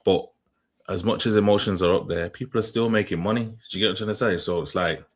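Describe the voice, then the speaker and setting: A man's voice: lowish voice, fast talker. A man hosting a livestream, reacting in casual commentary and musing aloud with questions to his viewers. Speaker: livestream host.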